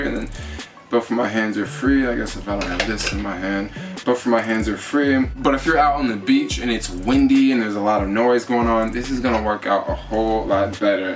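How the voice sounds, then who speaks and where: A man's voice: medium pitch, distant mic. A man vlogging casually while demonstrating his camera setup, rambling with fillers, talking into a small camera mic. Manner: chatty, rambling, lots of fillers. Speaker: travel vlogger. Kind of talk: casual gear demo. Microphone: GoPro with attached shotgun mic.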